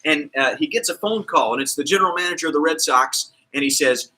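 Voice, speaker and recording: A kids' PE coach with a voice on the high side talks quickly with hardly any pauses in a low-quality recording. He tells the children a story with lots of energy, theatrically playing the characters' voices.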